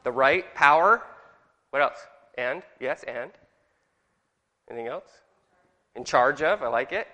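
Bright-voiced man teaching in a reverberant hall. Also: medium pitch, expressive, a little slow, long pauses. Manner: jokey, asks the class questions. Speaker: Bible class teacher. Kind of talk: interactive Bible teaching.

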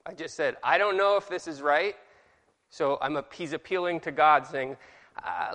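A man's voice: on the high side, moderate pace, pushed and bright, big-room sound. Casual man teaching a Bible class. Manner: casual, self-deprecating, reads verses aloud with exaggerated inflection.

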